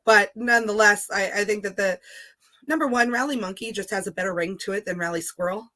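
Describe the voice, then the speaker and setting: A woman's voice: medium pitch, fairly quick, bright, forceful tone. A woman speaking as a guest on a casual panel, easygoing and chatty. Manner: chatty, easygoing, hedging with fillers.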